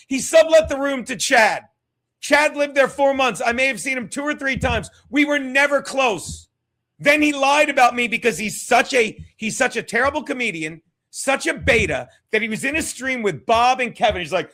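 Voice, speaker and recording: A man hosting a live stream, ranting profanely and mockingly, repeating himself and breaking into shouts. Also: very high voice, animated, normal speed. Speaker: streamer host.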